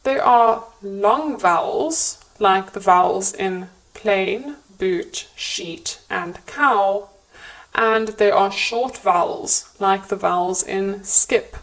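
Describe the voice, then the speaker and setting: Slow, measured woman teaching pronunciation. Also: mid-range voice, fairly bright tone, low-quality recording. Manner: clear, measured teaching delivery. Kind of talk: scripted lesson narration.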